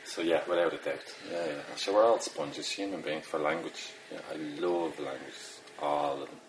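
This casual interview features a Dublin-accented Irish poet in middle age who rambles, pokes fun at himself and leans on fillers. His very deep voice holds a steady tone at normal speed, though the audio is poor with slight background noise.

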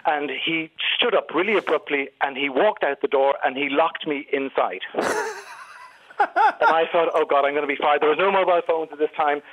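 A middle-aged Irish man calls in to a radio show as a voice coach, animatedly acting out accents to make his points. His voice sits a shade high and comes through a thin, boxy phone line. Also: moderate pace, no echo. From Ireland. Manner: animated storyteller, demonstrates accents aloud.

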